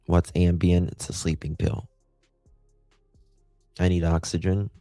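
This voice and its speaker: A man's voice: low voice, flat delivery, measured pace, mellow, dry recording, soft background music. A man hosting a casual livestream. He rambles in a chatty way and talks back to viewers' comments. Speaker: livestream host.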